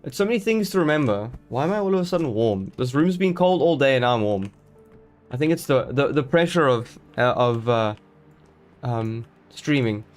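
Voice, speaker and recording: A man's voice: medium pitch, expressive, moderate pace, faint music behind. A man chatting live to his viewers while playing a game, rambling and joking as he goes, greeting people in chat. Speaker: streamer.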